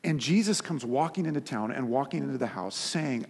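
A man preaching a sermon as pastor, earnest, stacking repeated phrases for emphasis and dropping soft for quoted words. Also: mid-range voice, animated, brisk, husky. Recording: long reverb of a hall.

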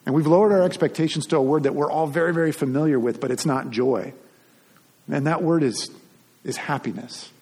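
A man's voice: on the high side, brisk, darkish tone, slightly rough. A man giving a Sunday sermon as pastor, talking in a conversational way with frequent restarts and repeated words.

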